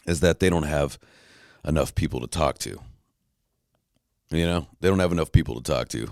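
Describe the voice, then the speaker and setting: A man hosting a solo podcast, rambling and swearing in a casual rant and mocking others with high put-on voices. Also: no room sound, studio quality. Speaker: podcast host.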